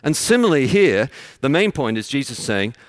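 Lively expository preacher, man. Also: medium pitch, brisk, no room sound, studio quality. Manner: explanatory, teacherly, builds points with everyday examples. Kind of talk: expository sermon.

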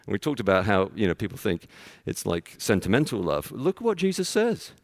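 A man's voice: lowish voice, wildly swooping pitch, a little fast, no room sound, studio quality. A man preaching an expository sermon, explaining his points in a teacherly way with everyday examples.

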